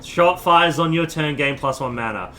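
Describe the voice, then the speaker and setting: A man's voice: a little high, normal speed, bright, forceful tone. A man streaming a video game live, casually thinking aloud about his moves. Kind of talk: live game-play commentary.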